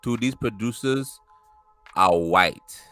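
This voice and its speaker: A man's voice: lowish voice, takes it slowly, bright, forceful tone, no echo, soft background music. A man co-hosting a casual podcast chat, joking and laughing often. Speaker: podcast co-host.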